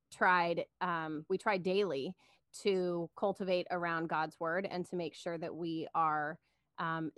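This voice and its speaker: A woman's voice: lowish voice, a bit bright, no echo, studio quality. A woman guesting on a faith podcast, talking about her own show in an earnest way with frequent giggles. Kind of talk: casual faith-based podcast chat.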